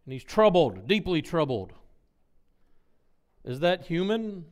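A man's voice: a little high, sing-song, slow, darkish tone. A man preaching a sermon, asking the congregation rhetorical questions and acting out sounds. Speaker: pastor.

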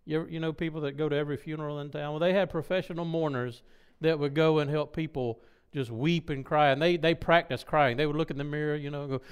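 A man's voice: on the high side, fairly even intonation, fast talker, hardly any pauses, clear, resonant tone. A man preaching a sermon, asking the congregation rhetorical questions and acting out sounds. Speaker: pastor.

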